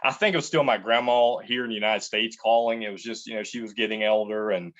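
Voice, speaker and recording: A low-pitched man answers interview questions in a loose, rambling way, often restarting sentences as he tells stories from kitchens. The audio is dull and lo-fi. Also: fairly even intonation, fast talker, fairly bright tone. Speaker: chef and entrepreneur.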